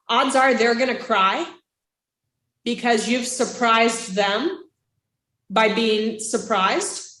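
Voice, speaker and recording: A woman instructor giving a casual classroom lecture, lively and chatty, acting out reactions with gasps and little voices. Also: on the high side. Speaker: child development instructor. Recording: roomy classroom echo.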